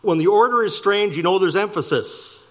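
A man preaching a sermon, slowing down to stress key words and speeding through asides. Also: sits high. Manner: animated preaching, slowing for emphasis and rushing asides. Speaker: pastor.

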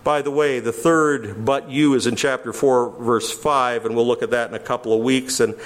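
A man's voice: medium pitch, steady tone, moderate pace. A man preaching an expository sermon to a church congregation, stressing key words with emphasis and putting questions to his listeners. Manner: emphatic, explains the original wording, asks the congregation questions. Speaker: pastor.

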